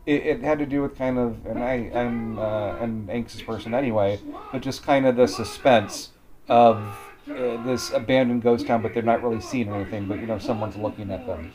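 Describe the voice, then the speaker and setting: A man's voice: mid-range voice, fairly even intonation, moderate pace, rough recording. Hesitant man, crowd noise behind. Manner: hesitant, thinks aloud with fillers. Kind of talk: casual commentary chat.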